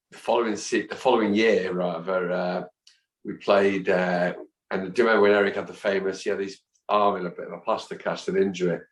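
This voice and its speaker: Chatty middle-aged man, roomy sound. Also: low-pitched. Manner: lively, chatty, animated anecdotes. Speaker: guest, football fan and chant songwriter. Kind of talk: anecdotal storytelling in conversation. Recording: roomy echo.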